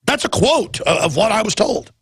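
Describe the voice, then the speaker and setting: A man hosting a talk radio show, ranting in a rambling way and jumping suddenly into loud, emphatic bursts. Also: high voice, very animated, normal speed, husky, no echo, clean studio sound.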